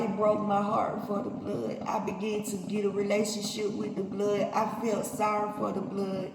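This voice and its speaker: Slow-preaching woman in an echoey hall. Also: mid-range voice, noisy background. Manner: emphatic, repetitive, talks to listeners directly. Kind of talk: sermon. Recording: echoey hall, faint ambience.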